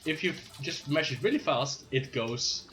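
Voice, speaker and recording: A man's voice: medium pitch, moderate pace, sharp tone, slight background noise. A man commentating his own speedrun live, playful and hyped, with jokey asides.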